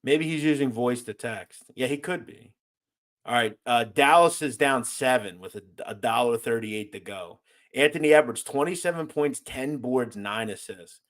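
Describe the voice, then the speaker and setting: A man of medium pitch and normal speed hosts an easygoing livestream, reading viewer comments aloud and goofing around. He keeps it loose and jokey, going from loud to mumbled asides.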